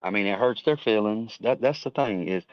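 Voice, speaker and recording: A man's voice: lowish voice, animated, normal speed, dry recording. A man in a casual chat, heated and rambling, swearing a lot as he vents. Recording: dry, dull lo-fi audio.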